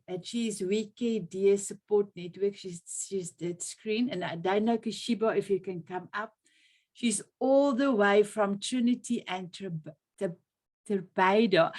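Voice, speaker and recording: A woman hosting an online women's session on a video call, effusive and full of restarts. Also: mid-range voice. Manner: effusive, warm thanks, frequent laughs and restarts. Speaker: online women's group host. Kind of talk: casual video call chat.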